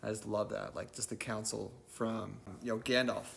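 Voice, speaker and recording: A man's voice: lowish voice, little pitch movement, gravelly, fairly bright tone, slight background noise. A man talking earnestly on a casual podcast, stopping and restarting as he gathers his thoughts. A faint room ambience hums behind him. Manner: earnest, halting, fillers.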